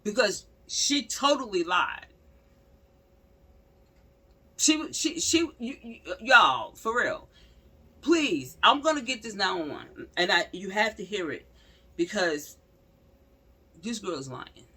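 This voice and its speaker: This woman's voice is husky and medium-pitched, and she takes her time. Speaking directly to her audience with animation, she offers casual true-crime commentary that's blunt and full of slang, driving points home by repeating phrases.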